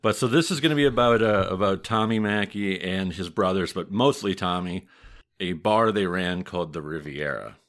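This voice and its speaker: A man with a Midwestern American accent and a very deep voice hosts a casual podcast. He tells history in a steady, matter-of-fact way, with a touch of dry humor. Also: moderate pace. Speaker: podcast host, mafia historian.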